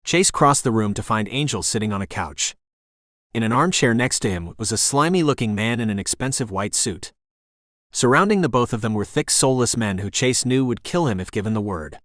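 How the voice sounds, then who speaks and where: In this scripted audiobook narration, a man tells the story in a calm, even manner. He has a mid-range voice and speaks a little fast, with clean studio audio and no echo.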